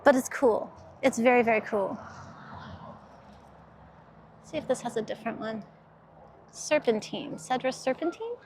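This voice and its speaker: A woman's voice: fairly high pitch, steady tone, moderate pace, pauses often, noisy background. A woman vlogging her walk through an outdoor garden center, gushing with enthusiasm and laughing easily, recorded on a handheld camera. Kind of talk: casual walk-through vlog.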